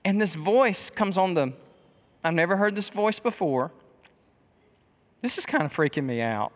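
A man in his fifties preaching a conversational sermon, telling stories in an animated way with quick asides. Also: sits high. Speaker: pastor. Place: church sanctuary. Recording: long hall reverb of a church.

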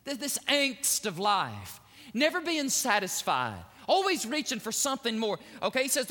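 A man's voice: extremely high pitch, huge pitch swings, normal speed, bright, forceful tone, long reverb tail. A man preaching a sermon as pastor, building into emphatic swells and repeated phrases.

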